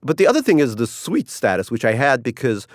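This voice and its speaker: Wry, animated man telling a story. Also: medium pitch, a little fast, no echo, clean studio sound. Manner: wry and rambling, mock voices for quotes, laughs often. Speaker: author interviewed about his cruise article. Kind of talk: casual interview conversation.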